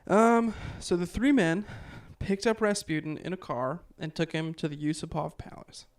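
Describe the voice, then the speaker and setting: Podcast host, male, fairly high voice, loose and rambling storyteller. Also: normal speed. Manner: relaxed, filler-heavy, chuckles often. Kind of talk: casual storytelling from notes.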